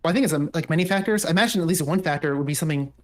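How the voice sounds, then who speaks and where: A man's voice: a little high, very fast. A man in an online debate who argues hesitantly, with many restarts. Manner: hesitant, full of restarts and fillers. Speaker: debate panelist.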